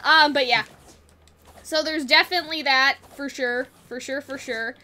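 A woman's voice: high-pitched, normal speed, sharp tone. A woman hosting a casual review chat, talking in a loose, chatty way full of "like" and "you know what I mean.". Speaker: anime review show host.

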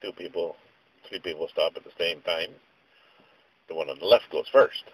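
A man's voice: sits low, normal speed, fairly bright tone, slightly rough, dry recording, poor audio. A man vlogging a casual rant, telling stories in a rambling, exasperated way with mild slang.

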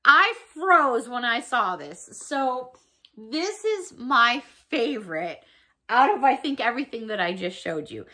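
Bubbly high-voiced woman gushing excitedly. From United States. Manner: gushing, excitable, squeals with delight. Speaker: vlogger showing a shopping haul. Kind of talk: casual haul video talk.

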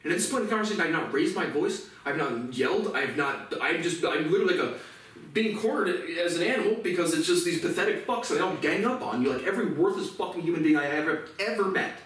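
A man's voice: fairly high pitch, animated, quick pace, a bit bright. A man ranting to the camera in an indignant, profane, repetitive monologue. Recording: echoey room, voice far from mic, faint noise.

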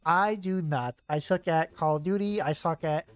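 A man's voice: on the high side, normal speed, smooth, dry recording, soft background music. A young man streaming a video game, chatting casually and rambling with lots of fillers and self-corrections. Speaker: gaming streamer. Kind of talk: casual let's-play chat.

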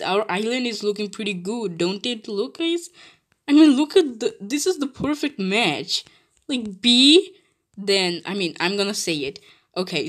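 A woman gaming video creator gives casual gameplay commentary at a medium pitch. She's giggly and excitable, breaking into laughter often, and chatty, with lots of restarts and exclamations.

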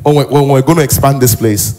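A man preaching a sermon in a church. He is animated and often acts out characters. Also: mid-range voice, fast, soft background music. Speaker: pastor.

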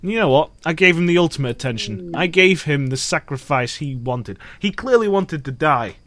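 A man's voice: fairly high pitch, lively intonation, moderate pace, fairly bright tone. A young man casually commentating his gameplay, exasperated and ranting, swearing at the game. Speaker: let's play gamer.

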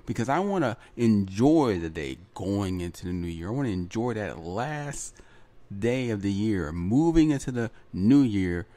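A man hosts his own podcast in a chatty solo monologue, full of repeats and asides like "right?" and "you know." His voice is lowish, mellow and unhurried, with big pitch swings and no echo.

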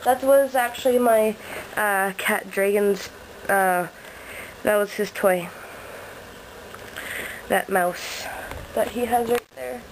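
A woman's voice: medium pitch, takes it slowly, long pauses. A woman filming her puppy at home and talking to it in a playful, coaxing way, like a casual home video. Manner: playful, coaxing pet talk. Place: living room at home, indoors. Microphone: handheld camera. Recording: noisy amateur home video.

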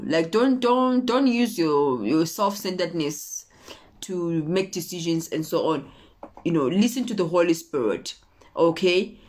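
A woman preaching a motivational sermon, repeating her points and checking in with her listeners. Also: on the low side. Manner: repetitive, exhorting, often checking in with "okay?".

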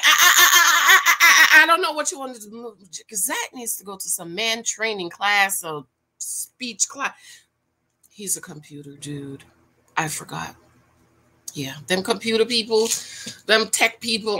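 Woman, sassy casual recap host, very bright tone. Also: mid-range voice. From Jamaica. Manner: chatty, sassy, laughs and asks viewers questions. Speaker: reality show recap vlogger. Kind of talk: casual reaction commentary.

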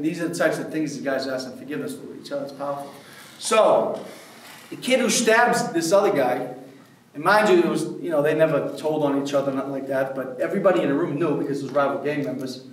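A man who works in prison ministry tells stories to a church men's group in a casual, rambling way full of fillers. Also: fairly high pitch. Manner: casual, filler-heavy, with many "like"s. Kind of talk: storytelling talk to a church group. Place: church hall. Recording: very echoey hall, mic far off.

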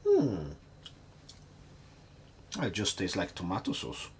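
A man's voice: deep voice, wildly swooping pitch, takes it slowly, slight background noise. A man hosting a casual cocktail-making vlog at his home bar, chatty and hesitant, nervously poking fun at himself. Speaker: home bartender host.

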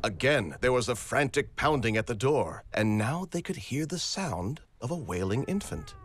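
A man narrating a storybook adventure game aloud in a measured, dramatic way. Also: mid-range voice, sing-song.

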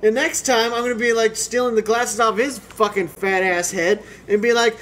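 Brief: young man, high voice, rambling profane storyteller, casual commentary co-host. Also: steady tone, normal speed, fairly bright tone, a little hiss or hum. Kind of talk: casual riffing over a film.

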